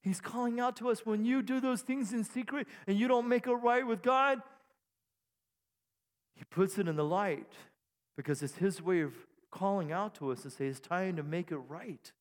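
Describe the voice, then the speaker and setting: High-pitched preaching pastor in a reverberant hall. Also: male voice, moderate pace. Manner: animated preaching with bursts of shouting. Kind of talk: sermon. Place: church sanctuary. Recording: long reverb in a church hall.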